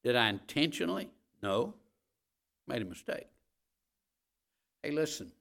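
Male pastor, bright edge, emphatic and folksy, repeats his points for weight. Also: big pitch swings, unhurried, vocal fry. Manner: emphatic, repeats key phrases, swings between loud and low; folksy, addresses the congregation directly. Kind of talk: sermon.

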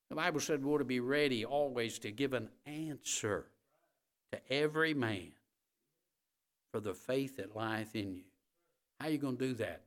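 Bright-voiced fervent preacher, man. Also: on the high side. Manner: impassioned preaching that rises and falls, with repeated phrases; stammers on repeated starts. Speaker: pastor. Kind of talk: sermon.

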